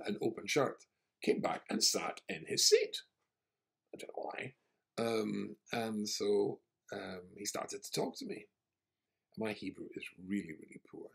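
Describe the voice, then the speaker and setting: A low-voiced male rabbi recounts a story with wry, self-deprecating humour. His voice is gravelly and husky, with a relaxed storytelling flow. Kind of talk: storytelling talk.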